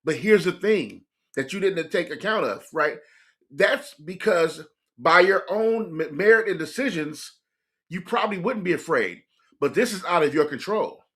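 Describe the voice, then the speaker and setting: A man hosting a music reaction video, talking straight to his viewers in an excitable, laughing way. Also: high voice, moderate pace. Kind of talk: casual reaction commentary.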